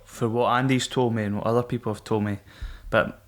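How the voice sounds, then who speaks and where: A Scottish man at a middling pitch who talks candidly about hard times, swearing often and laughing things off. He tells his story in a relaxed, conversational way. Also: fairly quick. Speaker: podcast guest, former Royal Marine. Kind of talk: casual storytelling.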